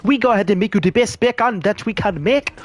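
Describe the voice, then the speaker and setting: A booming, cheerful market vendor , put on by a man with a put-on Jamaican accent, hawking his wares in a sing-song patter. The voice jumps far above his normal range and stays loud and bright. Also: fast talker, close to an everyday voice.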